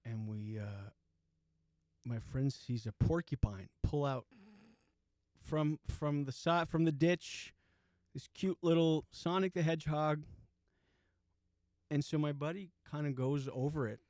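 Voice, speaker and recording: A man's voice: fairly high pitch, fairly even intonation, measured pace, pauses often, a little mellow, dry recording. Profane man in his forties, dry close mic. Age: 40s. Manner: profane, laughs through his own story. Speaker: podcast host. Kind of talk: casual storytelling monologue.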